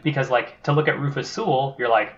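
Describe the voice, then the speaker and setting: A man's voice: mid-range voice, fairly even intonation, a bit bright, slight background noise. Wry male podcast co-host, muffled line. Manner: wry, quick quips. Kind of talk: casual movie-podcast chat.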